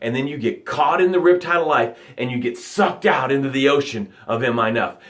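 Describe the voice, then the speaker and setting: A man coaching on a live motivational broadcast, telling vivid stories with repeated phrases, and swinging from loud outbursts to hushed words. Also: medium pitch, expressive, a little fast.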